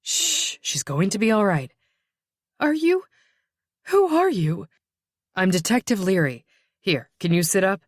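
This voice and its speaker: A woman voicing a calm, reassuring female police detective who barks orders in a crisis. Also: medium pitch, a little slow, long pauses, no echo, studio quality. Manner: calm and reassuring, sharp when shouting orders.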